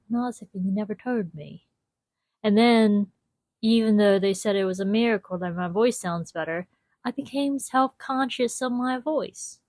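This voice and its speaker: A woman's voice: medium pitch, moderate pace, darkish tone, dry recording. A young adult woman hosting a casual solo podcast at home, chatty and often laughing, calling her listeners y'all into a small clip-on mic. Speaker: podcast host.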